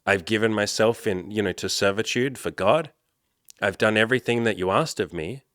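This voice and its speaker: A man's voice: moderate pace, a bit bright, no room sound, clean studio sound, natural voice. A man voicing a devout man stranded in a flood who keeps pleading and insists his faith will save him. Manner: pleading, insistent, higher pitched.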